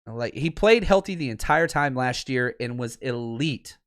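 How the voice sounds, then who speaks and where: A man's voice: medium pitch, measured pace, smooth. A man hosting a fan podcast on a livestream, ranting with heat about his team and then answering chat in a looser, easy way. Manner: fired-up, animated fan ranting, then laid-back reading of chat. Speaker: podcast host; high school football coach. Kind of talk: livestream podcast talk with chat shout-outs.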